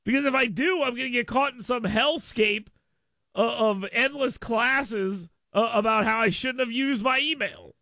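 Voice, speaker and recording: A man's voice: very high voice, moderate pace, pushed and bright, no room sound. A man hosting a radio talk show, rambling and repeating himself in casual chat, laughing often, at a studio microphone.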